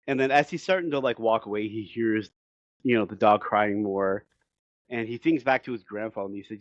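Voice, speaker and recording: Excitable man recapping an anime, lo-fi. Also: on the low side, fairly quick, no room sound. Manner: animated storytelling with frequent laughs. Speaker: podcast co-host. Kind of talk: casual episode recap. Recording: dull dry lo-fi sound.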